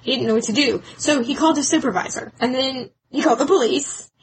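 Woman co-host, bright higher voice, animated storyteller, faint hiss behind. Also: fast talker. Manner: animated, acts out quoted lines. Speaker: podcast co-host. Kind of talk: casual storytelling chat.

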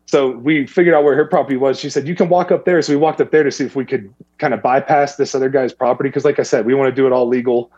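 A man with a slightly husky voice rambles through a story in casual podcast talk, jumping into other people's voices as he quotes them. The sound is dry and close, a bit dull and lo-fi. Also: medium pitch, quick pace, hardly any pauses, dry recording. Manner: rambling, animated when quoting others. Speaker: guest.

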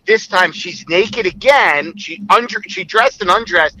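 A man's voice: high voice, measured pace, sharp tone, a little hiss or hum, rough recording. A man, a former co-host calling in, telling a rambling, crude story full of filler words. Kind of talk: casual storytelling.

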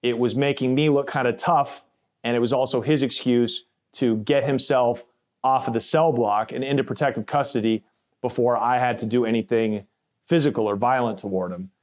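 Speaking at normal speed with a medium-pitched, darkish voice and fairly even intonation, a man shares his personal story on a first-person podcast. He's blunt and casual, swears, and performs other people's voices when quoting them.

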